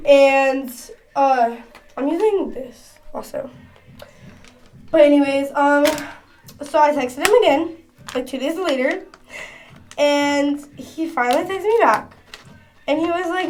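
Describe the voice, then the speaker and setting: High-voiced chatty young woman vlogger. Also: takes it slowly, pauses often, darkish tone, a little hiss or hum. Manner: chatty, slangy, rambling. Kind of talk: casual storytime chat. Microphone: phone camera.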